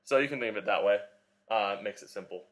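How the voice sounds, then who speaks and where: A man's voice: fairly low pitch, fast talker. A young man co-hosting a fitness podcast in casual chat, rambling with lots of fillers as he explains. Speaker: podcast co-host, personal trainer.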